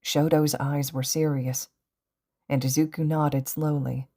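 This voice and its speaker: A woman narrating a fan fiction audiobook in a gentle, emotive reading voice. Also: deep voice, little pitch movement, measured pace. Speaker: podfic reader.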